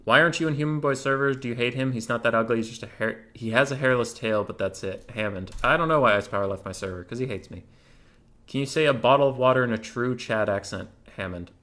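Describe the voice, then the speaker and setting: The host, a man with a medium-pitched voice that sounds pushed and bright, works through community questions in a laid-back gaming Q&A. His replies are quick, jokey and offhand.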